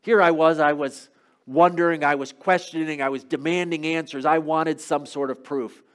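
A man preaching a sermon as a first-person dramatic monologue, telling the story and swinging from loud to hushed. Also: fairly high pitch, steady tone, normal speed, smooth.

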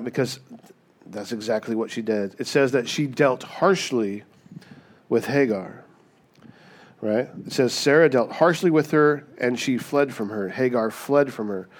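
A man preaching a sermon in a lively, conversational way, acting out the people he quotes and often asking "right?". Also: medium pitch, a little slow. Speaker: pastor.

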